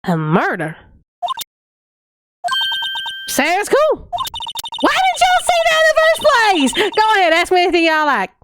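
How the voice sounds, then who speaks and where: A woman voicing a loud, feisty Southern country woman photographer with a put-on American Southern drawl. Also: very high-pitched, huge pitch swings, normal speed, over loud music, pitched above the performer's own voice, full character voice. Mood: eager. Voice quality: drawling, brash, yelling.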